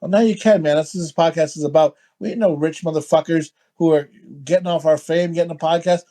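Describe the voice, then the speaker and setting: A man's voice: fairly high pitch, steady tone, fast talker, hardly any pauses, dark tone. A man co-hosting a casual movie podcast, joking crudely and swearing freely. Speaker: podcast co-host.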